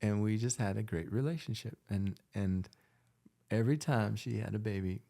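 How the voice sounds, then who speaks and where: A man's voice: fairly low pitch, moderate pace, creaky, mellow. A man, a physician hosting a casual conversation, telling heartfelt stories and repeating himself for emphasis. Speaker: physician and podcast host.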